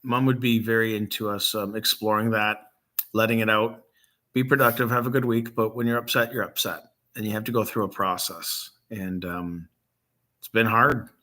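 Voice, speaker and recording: A middle-aged man from Michigan, a grieving father hosting a vlog, talks off the cuff with many pauses and ums, his voice catching as he nears tears. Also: on the low side, steady tone, sharp tone. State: emotional, near tears. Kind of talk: unscripted casual talk to camera.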